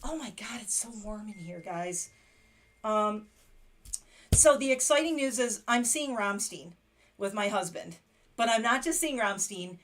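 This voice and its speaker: A woman in her thirties chats to her viewers on a late-night livestream from home. She is excitable and talkative, laughing often as she goes, in a voice of middle pitch. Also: a little slow. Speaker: livestream host. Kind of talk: casual livestream chat.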